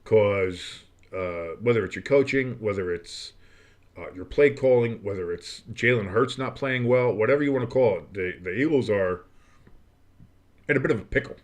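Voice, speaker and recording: A man's voice: lowish voice, normal speed. Chatty, swearing play-by-play man. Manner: chatty, blunt, swears, bursts into excited shouting. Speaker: play-by-play streamer. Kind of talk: casual live play-by-play and reaction.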